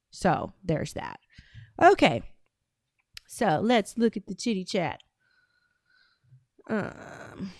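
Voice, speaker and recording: A woman's voice: mid-range voice, no echo, clean studio sound. A woman hosting a casual livestream, reading out chat and talking in a brash, profane, drawling way.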